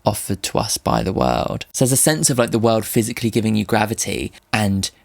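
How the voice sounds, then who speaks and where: A man's voice: on the low side, very animated, brisk, gravelly. A man hosting a music reaction video, gushing and emotional as he unpacks lyrics in casual commentary. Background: faint music playing.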